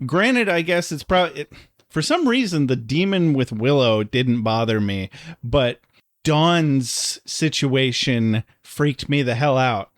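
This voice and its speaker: A man's voice: mid-range voice, expressive, takes it slowly, dry recording, studio quality. A man co-hosting a podcast, chatting casually about a TV episode, joking and swearing freely. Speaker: podcast co-host. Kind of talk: casual chat.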